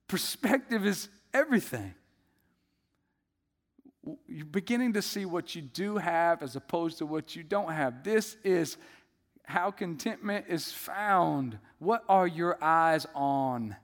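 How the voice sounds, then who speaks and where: Conversational pastor in an echoey hall. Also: male voice, a little high, slow pace. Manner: conversational, animated storytelling. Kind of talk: sermon.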